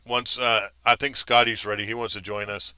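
A man hosting a casual gaming stream, joking crudely and bursting into excited shouts. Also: lowish voice, moderate pace, smooth, no echo. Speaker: streamer and host.

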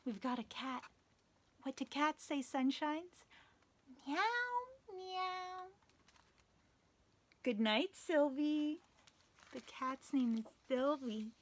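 A woman leads a children's story time and reads picture books aloud in a very high, bright voice. She takes her time over every word and uses a gentle, sing-song delivery meant for small children.

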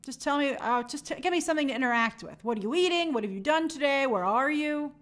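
A woman's voice: sits high, lively intonation, fast, fairly bright tone. A young woman hosting a movie live stream, chatting upbeat and reading out viewer comments.

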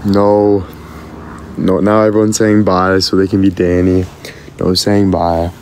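Deeper-voiced male streamer, playful ribbing, thanks chat by name, faint hum behind. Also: little pitch movement, darkish tone. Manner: teasing, playful, quick to laugh; rattles off thanks to viewers by name. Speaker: live streamer. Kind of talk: casual live-stream chat with viewers.

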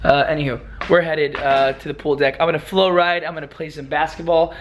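A man's voice: a little high, a little fast, a little hiss or hum. A young man chatting casually in a vlog, telling stories and acting out other people's voices. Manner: animated storyteller, acts out quoted voices. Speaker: vlogger.

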